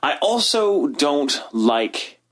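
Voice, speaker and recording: A man's voice: on the high side, sing-song, extremely slow. A man co-hosting a casual podcast chat, talking animatedly, swearing freely and acting out voices as he goes. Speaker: podcast co-host.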